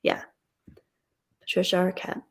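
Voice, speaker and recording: Bubbly woman thanking viewers. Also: unhurried. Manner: bubbly, gushing thanks, giggly. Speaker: live streamer reading super chats. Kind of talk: casual live-stream chat.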